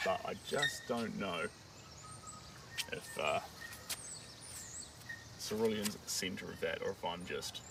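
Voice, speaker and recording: A man chatting casually on a live stream while painting a dog portrait, rambling and joking as he thinks aloud. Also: lowish voice. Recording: distant mic with outdoor noise.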